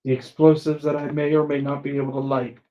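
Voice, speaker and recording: A man chatting through a tabletop role-playing session, eager and rambling as he jumps ahead of the story. His voice sits fairly high. The recording is dull and lo-fi. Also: flat delivery, fast, warm tone. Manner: eager, rambling, easily distracted. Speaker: tabletop game player. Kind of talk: playful tabletop role-play chat.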